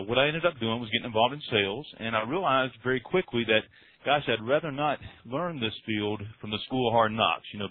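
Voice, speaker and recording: Man, Southern accent, earnest folksy testimonial, low voice, dry tinny phone line. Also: no echo. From North Carolina, US. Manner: earnest, self-deprecating, folksy. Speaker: client guest on a call. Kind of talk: testimonial talk on a conference call. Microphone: phone call.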